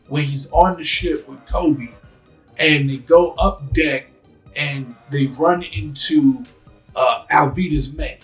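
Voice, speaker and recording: Slow, animated storytelling man. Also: a little high, rough recording. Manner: animated storytelling, acts out scenes in voices. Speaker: podcast host. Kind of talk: casual chat.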